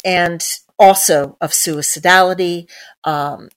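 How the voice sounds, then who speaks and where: A woman's voice: on the low side, steady tone, slow pace. A middle-aged woman doctor from the United States telling a story in a podcast interview, acting out the people she quotes. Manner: storytelling, acts out quoted voices. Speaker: guest doctor. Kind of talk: anecdotal interview talk.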